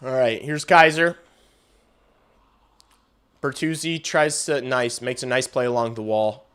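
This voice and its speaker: A young man hosting a casual livestream, giving play-by-play of a hockey game, swearing and swinging from muttered asides to loud outbursts. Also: mid-range voice, unhurried, clear, resonant tone. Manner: excitable, swears, shifts between mumbled asides and loud outbursts. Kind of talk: casual live reaction and play-by-play.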